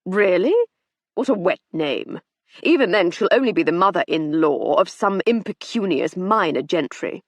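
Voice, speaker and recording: A woman voicing a resentful, scornful man in an audiobook, grumbling loudly. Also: lowish voice, expressive, normal speed, no room sound. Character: grumbling, snobbish middle-aged man. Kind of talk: audiobook character reading.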